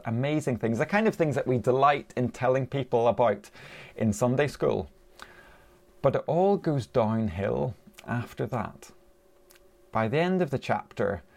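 Gravelly-voiced man preaching a sermon. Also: mid-range voice, a little mellow. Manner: conversational, with rhetorical questions.

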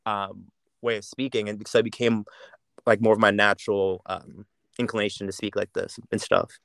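Young man, from Jamaica, no island accent, reflective podcast guest, halting restarts, dry close sound. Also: lowish voice, flat delivery, fairly bright tone, no room sound. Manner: reflective, many restarts and repeated words. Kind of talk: casual chat.

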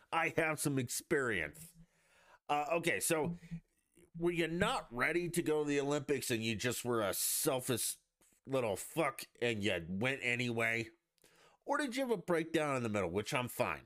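A man's voice: mid-range voice, very animated, moderate pace, fairly bright tone, no echo, clean studio sound. A man hosting a podcast, ranting in a blunt, profane and mocking way in a casual monologue. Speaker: podcast host.

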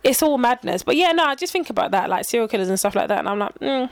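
A woman's voice: fairly high pitch, animated, fast talker, gravelly, no echo. A woman, co-hosting a casual chat and telling stories in a rambling way that trails off and restarts.

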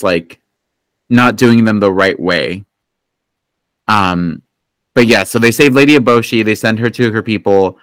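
A man's voice: on the low side, a bit bright, no room sound, poor audio. Rambling, profane male podcast host. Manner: rambling, profane, full of fillers and restarts. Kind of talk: casual movie recap chat.

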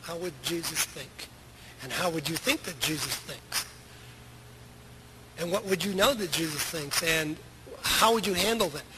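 A middle-aged man preaches to his church in an easy, conversational way, stacking up rhetorical questions for his listeners. His voice sits a little high for a man. A heavy, steady noise runs under the whole recording. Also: a little slow, pauses often. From United States. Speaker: pastor. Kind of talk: sermon. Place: church sanctuary. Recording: loud background noise.

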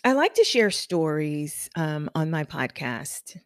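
Slow, emphatic woman podcast host. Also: low voice, very animated, dry recording, studio quality. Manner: emphatic, repeats affirmations, storytelling. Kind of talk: motivational monologue.

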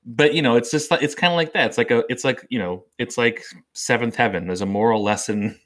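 A man co-hosting a casual film podcast, chatty and quick to laugh, acting out lines from scenes. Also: medium pitch, a bit bright. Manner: chatty, laughs often, acts out quotes. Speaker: podcast co-host. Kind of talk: casual movie discussion.

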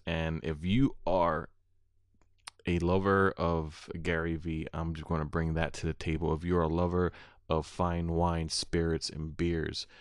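Young male podcast host, very low and smooth, rambling and apologetic, close dry mic. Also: no echo. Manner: rambling, many fillers and restarts, apologetic. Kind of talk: unedited solo podcast talk. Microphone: own microphone into recording software.

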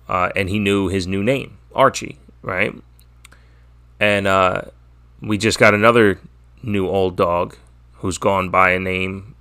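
A man hosting a solo wrestling podcast, loose and opinionated, dropping curse words and circling back on his own sentences. His voice sits a little low, and he keeps the tone of easy, unscripted chat. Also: a bit bright. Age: adult, father. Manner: opinionated, profane, rambling with restarts. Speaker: podcast host. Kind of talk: casual solo wrestling preview.

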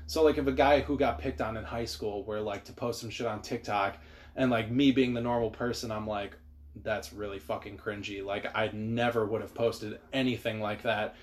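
Young guy rambling on a podcast, like like like, cusses a bunch, mid pitch. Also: fairly even intonation, moderate pace. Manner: rambling, full of likes and swearing. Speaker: podcast co-host. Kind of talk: crude casual chat.

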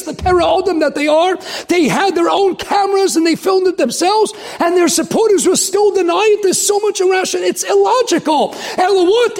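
A man, a rabbi, giving a sermon, swinging from loud outrage to hushed emphasis. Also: very high-pitched.

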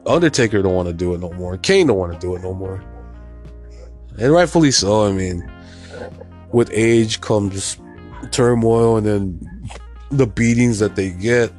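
A man's voice: lowish voice, a little mellow. A man hosting his own show, ranting in a casual, profane, rambling way and mocking others in a put-on voice. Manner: profane, rambling, repeats "you know what I mean". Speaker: podcast host. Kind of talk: casual solo rant.

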